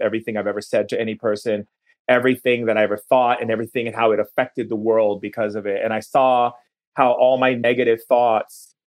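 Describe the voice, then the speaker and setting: A man who is a podcast guest, recounting a personal story in an earnest, unhurried way and often slowing down to linger on words. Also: medium pitch.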